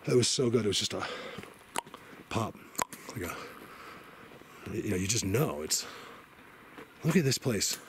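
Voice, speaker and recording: A man filming a vlog in a forest, talking excitedly, stammering, and sometimes dropping to a whisper. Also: fairly low pitch, measured pace, long pauses, noisy background. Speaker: Bigfoot hunter vlogger. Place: forest outdoors.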